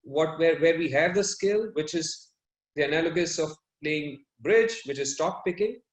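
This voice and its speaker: A man's voice: fairly high pitch, moderate pace, echoey room, low-quality recording. A man, explaining investment risk in an analytical way that often corrects itself mid-sentence. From India. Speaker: fund manager guest. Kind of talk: explanatory panel talk.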